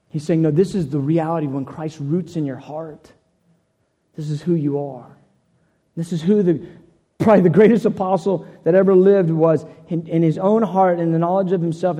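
A man's voice: a little high, dark tone, in a large hall. A man preaching a sermon, telling a personal story in an earnest way, often repeating and restarting phrases.

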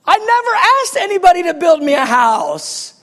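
A man's voice: extremely high pitch, sing-song, moderate pace, fairly bright tone, in a large hall, voice pushed up, exaggerated voice. A man voicing God speaking tenderly to David and making him promises. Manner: affectionate and promising.

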